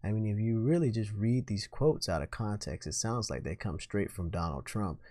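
A man's voice: lowish voice, moderate pace, mellow, dry recording, studio quality. A man hosting his own political commentary show, talking in an opinionated, sarcastic way. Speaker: host.

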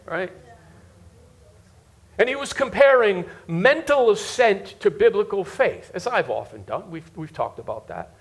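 A man with a high voice preaches in an unhurried way, leaning on repeated words to drive each point home. He speaks straight to the congregation in front of him, asking whether they are following along. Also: sing-song, creaky. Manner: repeats words for emphasis, talks to the congregation directly. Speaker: pastor. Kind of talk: sermon. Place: church before a live congregation.

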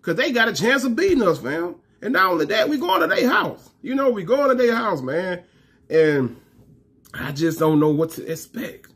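Husky, emphatic male fan vlogger. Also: high-pitched, very animated, fairly bright tone. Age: 30s. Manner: emphatic, repetitive, slangy, calls viewers fam; talks fast. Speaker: college football fan vlogger. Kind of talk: casual fan rant to camera.

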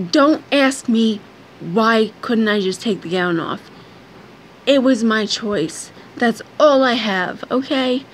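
Young woman vlogger, frustrated, blunt, profane, unhurried delivery, faint background hiss. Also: a little high, a bit bright. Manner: blunt, frustrated, heavy swearing. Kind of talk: angry personal vlog rant.

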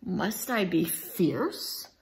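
A woman reading as a gentle, poetic young lion from a storybook, speaking softly and earnestly at an unhurried pace. His lines rise and fall with lots of melody. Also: on the low side, lively intonation, gravelly, heavily acted.

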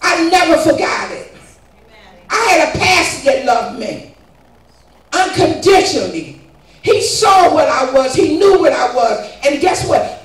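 An older woman giving a fervent, emphatic church testimony. She keeps asking her listeners "guess what" as she talks. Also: high-pitched. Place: church sanctuary. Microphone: distant room mic. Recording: echoey church from far off, faint music.

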